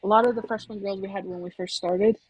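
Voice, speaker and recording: Woman, basketball coach, husky, soft-spoken, casual talk, dry recording. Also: mid-range voice, steady tone, fast talker, no room sound, rough recording. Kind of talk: casual conversation.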